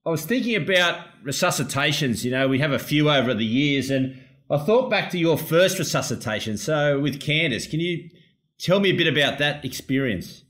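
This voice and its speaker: A man's voice: on the high side, lively intonation, moderate pace, a bit bright, roomy sound. An Australian man hosting a podcast, telling a story in casual chat with lots of laughter and rambling restarts. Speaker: podcast host.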